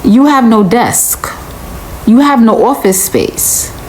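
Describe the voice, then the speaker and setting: A woman delivers a reaction commentary at an unhurried, deliberate pace. She sounds incredulous and lectures steadily, repeating her point over and over. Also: a little high, expressive, a little mellow, a little hiss or hum, rough recording.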